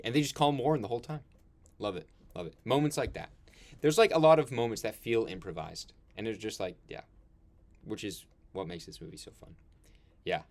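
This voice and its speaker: A man's voice: mid-range voice, moderate pace. A young man hosting a casual film talk, rambling with fillers and laughs. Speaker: podcast host.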